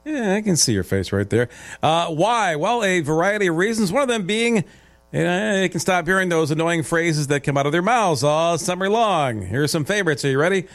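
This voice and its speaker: Playful, animated male radio host. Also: fairly high pitch, a little fast. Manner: playful, joking. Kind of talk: casual radio chat.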